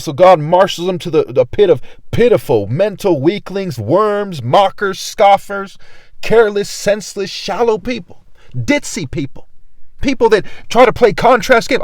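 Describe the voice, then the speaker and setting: A man's voice: on the high side, animated, brisk, dry recording. Brief: young man, fiery video preacher, raised voice, dry close sound. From California. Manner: intense, ranting, swings between loud and muttered. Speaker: online preacher. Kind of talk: video sermon reading scripture.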